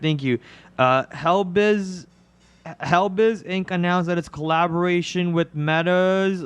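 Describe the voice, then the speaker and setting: Young guy on a trading stream, smooth clear voice, dry close sound, reads prices off quick n casual. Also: fairly high pitch, dry recording. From India. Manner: rapid ticker-and-price calls, casual filler words. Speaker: day trader and live stream host. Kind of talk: live trading commentary.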